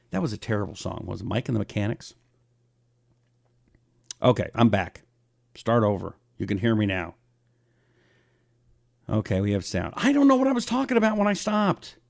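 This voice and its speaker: A male talk show host with a gravelly, fry-heavy voice and a lively, swinging delivery. He rambles through listener comments on his own broadcast setup, in a casual and animated way. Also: on the low side. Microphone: own broadcast setup, fixing a failed mic on air.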